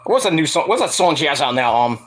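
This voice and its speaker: A man casually recapping a wrestling show, animated, profane and sarcastic. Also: fairly high pitch, quick pace. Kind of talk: casual rant-style recap.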